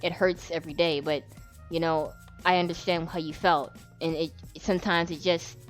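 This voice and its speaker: A woman's voice: on the low side, fairly even intonation, normal speed, faint music behind. Woman in a rambling, emotional vlog monologue. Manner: rambling, passionate, heavy swearing.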